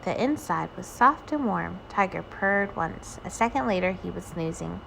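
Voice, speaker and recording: A woman reading a children's picture book aloud, with gentle storytelling. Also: lowish voice, expressive, normal speed, gravelly, a little hiss or hum. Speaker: reader.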